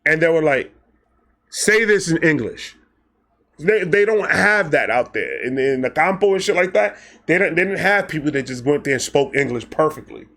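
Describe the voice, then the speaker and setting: Animated Brooklyn man telling a story. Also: on the high side, brisk. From Brooklyn, New York. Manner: animated, profane, quotes people with voice shifts. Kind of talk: casual storytelling.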